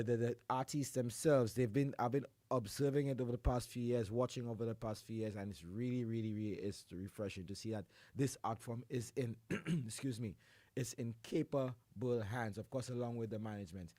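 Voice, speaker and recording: A man hosting a radio show, his voice hoarse from the flu, loudly calling out greetings and shout-outs and then settling into quieter chat. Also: medium pitch, no room sound. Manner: exuberant, shouts greetings, drops into a quieter voice between. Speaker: radio host.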